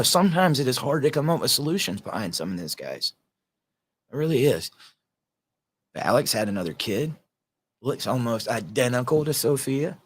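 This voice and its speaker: A man with a Southern American accent hosting his podcast, talking casually and earnestly, often repeating words. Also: mid-range voice. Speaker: podcast host. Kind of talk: casual solo talk.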